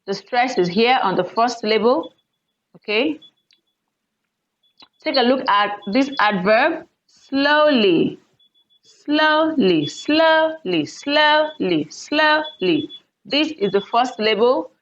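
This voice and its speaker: A woman teacher walks students through stress rules at a slow, patient pace, her voice sitting somewhat high. She repeats each example word loudly. The recording sounds dull and lo-fi. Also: lively intonation. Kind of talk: online English lesson on word stress.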